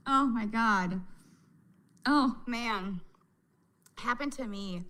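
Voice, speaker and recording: A woman's voice: on the high side, drawn-out words, sharp tone, poor audio. A woman hosting a casual reaction chat, a mother who laughs a lot and exclaims often as she talks. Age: adult mother. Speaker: reaction video host.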